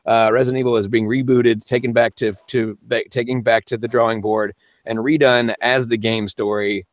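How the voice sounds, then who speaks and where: A man's voice: medium pitch, flat delivery, moderate pace, no echo, clean studio sound. A man hosting a live-stream Q&A as a voice actor, chatting casually and rambling with frequent laughs. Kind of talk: casual live-stream chat answering viewer comments.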